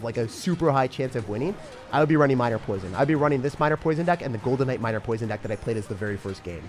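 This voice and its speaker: A man's voice: medium pitch, a little mellow. Chatty young man streaming a game. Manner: chatty, upbeat, rambling with fillers. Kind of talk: casual live-stream chat while gaming.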